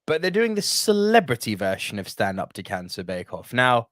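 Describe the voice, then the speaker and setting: A man's voice: mid-range voice, wildly swooping pitch, moderate pace, a bit bright, dry recording, studio quality. A young man co-hosting a podcast, chatting casually with jokey, swearing rants. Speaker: podcast co-host. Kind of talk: casual chat.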